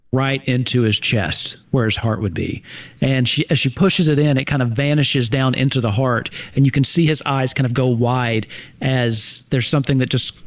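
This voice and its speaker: A man in a tabletop game describes his character's actions step by step in a plain, mid-pitched voice. He is thoughtful and measured as he asks questions of the table. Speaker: player.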